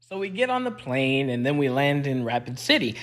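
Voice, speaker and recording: A young man, an Air Force veteran, casually telling a story in a playful, animated way. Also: a little fast. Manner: animated, playful, pitch jumps up for quoted voices.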